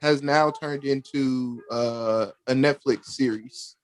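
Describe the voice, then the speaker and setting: A man co-hosting a casual podcast chat, relaxed and hesitant, with many pauses. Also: mid-range voice. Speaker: podcast co-host.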